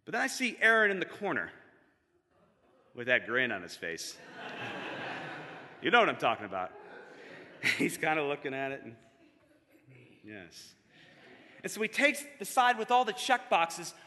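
Brief: lively male storyteller who acts out his characters, bright and punchy, slightly high-pitched, heard in a big reverberant hall. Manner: animated, self-mocking, acts out the people in his stories. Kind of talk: personal storytelling to a live audience.

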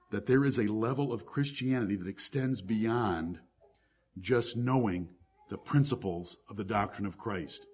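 A man's voice: on the low side, darkish tone, slightly rough. A male pastor preaching a sermon to his congregation, reading scripture aloud and stressing key words.

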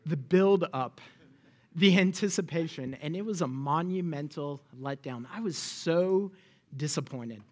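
A man preaching a sermon as a pastor, animated and pointed, asking the listeners rhetorical questions. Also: fairly high pitch.

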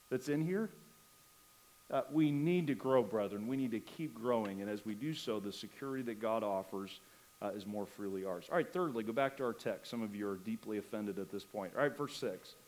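A man's voice: mid-range voice, a little mellow, low-quality recording. A man preaching as a pastor in a church, earnest, asking rising emphatic questions and slipping in light humor. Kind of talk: sermon. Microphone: microphone.

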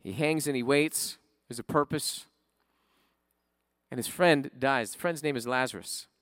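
A man preaching a sermon in a conversational way, often checking in with his listeners with a quick "right?". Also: mid-range voice, a bit bright, dry recording, clean studio sound. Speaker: pastor.

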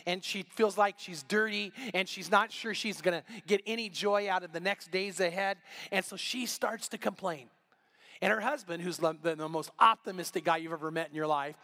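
A middle-aged male pastor with a high voice delivers a sermon in a church, his storytelling animated as he acts out each person in the tale. He shifts into the characters' lines with energy. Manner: animated storytelling, acting out dialogue.

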